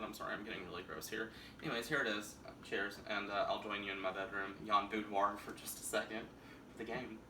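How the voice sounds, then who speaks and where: Man, low voice, bright edge, camp rambling comic host, home bedroom. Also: slight background noise. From Tennessee. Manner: camp, rambling and crude, many tangents. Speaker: vlog host. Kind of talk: boozy comic drinking-game monologue.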